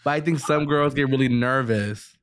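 A man's voice: mid-range voice, moderate pace, fairly bright tone. A man who is a guest on a podcast, talking casually in an ordinary mid-range voice. He answers in a sassy, blunt way. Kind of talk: casual chat.

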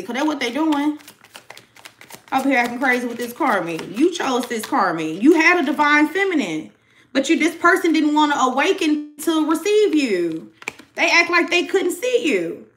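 A woman's voice: high-pitched, very animated, normal speed, fairly bright tone, a little hiss or hum, rough recording. A young woman giving a casual tarot reading to her viewers, chatty and slangy, talking straight to the audience. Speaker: tarot reader.

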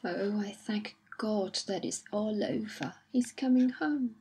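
A woman reading the part of a devout, dutiful older colonel's wife in an audiobook, with a breathy voice. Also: medium pitch, slow, dark tone, slight background noise. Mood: relieved.

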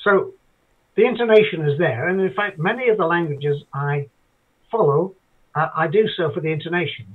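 A man's voice: on the high side, a little fast. An older man from Ireland, a guest telling rambling stories in casual chat, with hesitant restarts. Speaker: guest interviewee. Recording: tinny phone-like line.

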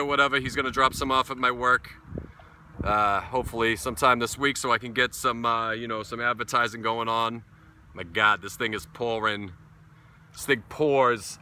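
A man's voice: medium pitch, sharp tone. Blunt, profane New England man outdoors. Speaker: beer reviewer. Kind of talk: casual outdoor beer review. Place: backyard outdoors.

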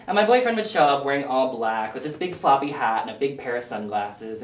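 A man performing a self-deprecating stand-up set with deadpan asides for a small audience in a living room. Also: mid-range voice, a little fast, hardly any pauses, reverberant, recorded from a distance. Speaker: stand-up comic.

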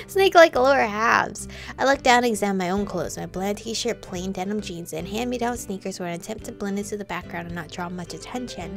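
A woman playing through a visual novel, her voice gravelly with vocal fry and set at a medium pitch. She chats casually, reads the on-screen lines aloud and reacts playfully as she goes, with faint game music underneath. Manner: chatty and playful, reacting aloud with quick laughs. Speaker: gameplay streamer. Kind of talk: casual let's-play commentary, reading game text aloud.

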